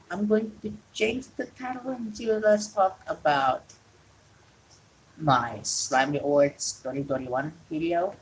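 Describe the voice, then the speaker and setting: A woman's voice: low voice, slight background noise, low-quality recording. A woman from Indonesia, an English speaker, hosting a casual solo wrestling talk show from home and rambling with frequent self-corrections. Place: home during rain.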